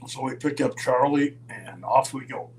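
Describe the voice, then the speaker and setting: An older man from Minnesota spins a road story at a middle pitch, slipping into quoted voices and chuckling as he goes. A faint electrical hum sits under his voice. His talk is loose and casual. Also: normal speed, a little mellow, poor audio. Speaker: storyteller guest. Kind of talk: casual anecdote telling.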